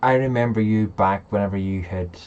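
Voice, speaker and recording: A man's voice: lowish voice, normal speed, a little mellow, dull audio, slight background noise. A man hosting a casual live chat, rambling and talking straight to his viewers. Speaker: livestream host.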